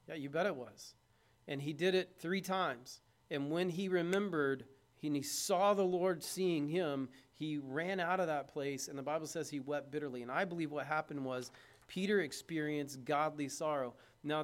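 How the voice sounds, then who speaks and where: A man with a slightly high voice gives a sermon in a conversational style, putting questions to the congregation and moving from loud emphasis down to hushed tones.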